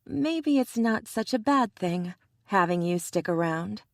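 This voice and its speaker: A woman's voice: medium pitch, expressive, measured pace, no echo, clean studio sound. Woman reading as a wary, guarded young woman.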